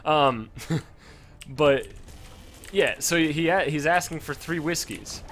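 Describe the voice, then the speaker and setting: A man's voice: a little high, takes it slowly, fairly bright tone, slight background noise. A young man chatting casually while he plays a game, rambling with lots of fillers and restarts, close to a desk mic. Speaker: gaming streamer. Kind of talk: casual commentary while playing.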